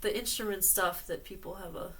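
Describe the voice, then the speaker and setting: A woman's voice: medium pitch, fairly even intonation, fairly quick, fairly bright tone. A woman reading letters aloud with commentary, laughing often between lines. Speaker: reader and commentator.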